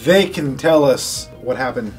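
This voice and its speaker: A man's voice: mid-range voice, lively intonation, measured pace, a little mellow, soft background music. A man co-hosting a casual review chat, playfully recapping scenes as a story. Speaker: podcast co-host reviewing a cartoon series.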